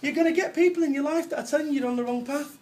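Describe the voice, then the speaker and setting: A man's voice: very high voice, racing, a little mellow. A man with a Manchester accent, from Salford, giving a brash, jokey business talk to a live audience, swearing and laughing as he goes. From Salford, England. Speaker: business speaker. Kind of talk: comic motivational talk.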